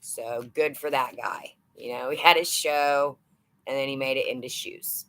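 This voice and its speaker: A woman's voice: extremely low pitch, steady tone, measured pace, fairly bright tone. A woman in her thirties hosting a casual live stream, chatty and playful as she greets viewers by name. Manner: chatty and playful, rambling with fillers. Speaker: live-stream host of a shopping channel.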